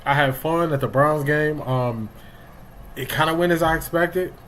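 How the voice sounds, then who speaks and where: A man's voice: a little high, moderate pace, a bit bright, slight background noise, poor audio. A middle-aged man, hosting a casual live sports stream and greeting viewers by name. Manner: greets chat viewers by name, loose and talkative. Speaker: livestream sports show host.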